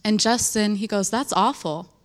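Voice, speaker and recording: A young woman giving an emotional, animated church testimony, telling a story with laughter and emphatic repetition. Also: medium pitch, normal speed, slight background noise. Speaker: speaker sharing a testimony.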